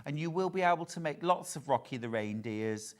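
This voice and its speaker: A man's voice: mid-range voice, animated, a little fast. A man presenting a live sewing shopping show in a chatty, playful sales patter.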